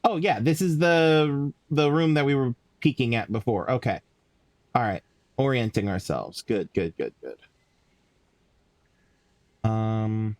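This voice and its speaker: A man's voice: mid-range voice, a little slow, a little mellow, dry recording. Sleepy man muttering over a game. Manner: drowsy, yawning, mutters to himself, swears casually. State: tired. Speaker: streamer playing a game. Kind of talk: casual gameplay commentary.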